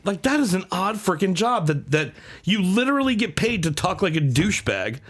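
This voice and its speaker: A man's voice: sits high, normal speed. A man co-hosting a comedy podcast, chatting casually and jokily, often slipping into a mock sports announcer voice. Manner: jokey, animated, keeps slipping into a mock announcer voice. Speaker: podcast co-host.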